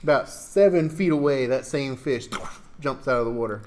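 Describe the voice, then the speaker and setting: A man narrating a tabletop game as dungeon master, relaxed and plain with fillers. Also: mid-range voice, moderate pace.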